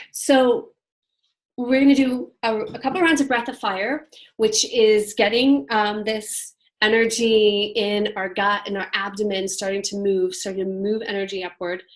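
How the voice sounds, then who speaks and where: A woman leading a women's leadership class in a casual, chatty way, with many fillers, and demonstrating breathing exercises aloud. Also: medium pitch. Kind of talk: guiding a group class.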